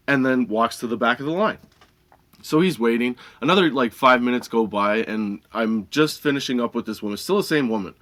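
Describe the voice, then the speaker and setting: A man's voice: medium pitch, lively intonation, fairly quick, a bit bright. A male podcast host telling a comic story, swearing freely and laughing between lines.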